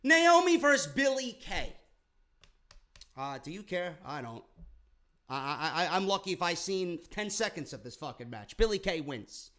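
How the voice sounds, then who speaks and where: Bright-voiced, high-pitched man ranting profanely. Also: very animated, normal speed. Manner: profane, sarcastic, rambling. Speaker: wrestling show reviewer. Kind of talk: casual recap rant.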